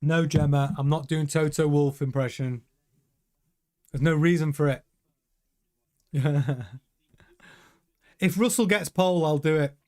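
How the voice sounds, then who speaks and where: A chatty man with a slightly higher-than-usual voice talks casually through a live watch-along stream. He sounds excitable and often turns to answer viewers' messages. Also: a little slow, pauses often. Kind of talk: casual live race commentary.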